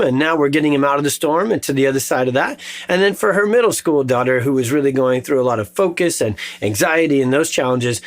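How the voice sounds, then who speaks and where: Chiropractor guy, kinda high voice, earnest pep talk for moms. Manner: earnest, encouraging, tells patient stories. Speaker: chiropractor and show host. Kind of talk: motivational health talk. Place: clinic in the Chicago suburbs.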